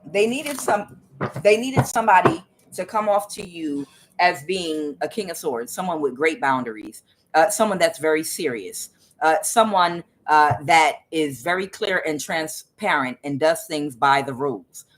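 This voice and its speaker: A woman's voice: sits low, expressive, a little slow, rough recording. A woman reading tarot cards, talking casually at home, rambling with many fillers. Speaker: tarot reader. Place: home with door open.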